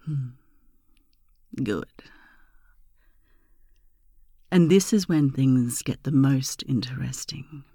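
An erotic audio performer in a whispered role-play, speaking in a slow, teasing, breathy murmur that swells into loud moans. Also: medium pitch, no room sound, clean studio sound.

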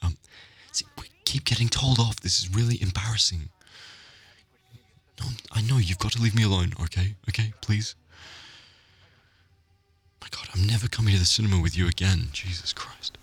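Guy in a whispered role-play, deep husky voice, flustered and hushed. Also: a little fast, no echo.

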